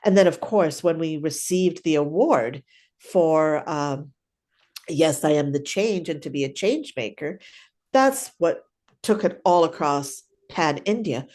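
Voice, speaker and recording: A woman's voice: deep voice, unhurried, a little mellow. An older woman, a clown teacher, chatting animatedly through stories in an interview and often tagging her sentences with "right?". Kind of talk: casual storytelling interview.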